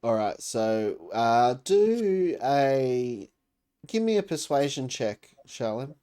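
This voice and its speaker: A man running a tabletop game as game master, narrating scenes in a rambling, hesitant way. He pauses on fillers and jokes with the players as he goes. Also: mid-range voice, big pitch swings, mellow, clear, resonant tone.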